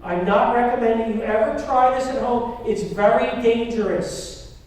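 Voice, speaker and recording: A woman's voice: on the high side, moderate pace, a little mellow. A woman speaks to a live audience in a big hall, quizzing the crowd and drawing them in. Her voice comes from far off the mic. It rings with a long, heavy echo. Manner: engaging, asks the audience questions. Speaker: speaker at a parenting talk. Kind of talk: lively talk to a live audience. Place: large echoey hall. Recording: echoey hall recorded from far off.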